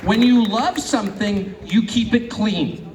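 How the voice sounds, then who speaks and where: A middle-aged man from California gives a public speech to an audience, animated and sarcastic, mocking imagined critics. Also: high voice, unhurried, noisy background. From California, United States. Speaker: guest speaker. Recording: echoey hall, faint ambience.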